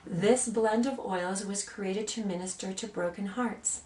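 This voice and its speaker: A woman in her sixties, an aromatherapy practitioner, who gently demonstrates oils and tells personal stories in a soft, earnest way. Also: medium pitch. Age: 60s. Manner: soft, earnest, reads blessings slowly. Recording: roomy sound from a distant mic, faint ambience.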